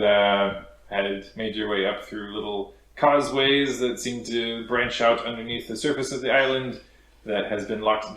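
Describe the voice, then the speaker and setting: A man's voice: medium pitch, fairly bright tone. Echoey man hosting a game. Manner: meandering, with many fillers and restarts. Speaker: game master. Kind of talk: recapping a tabletop game as host. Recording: echoey room, faint hiss.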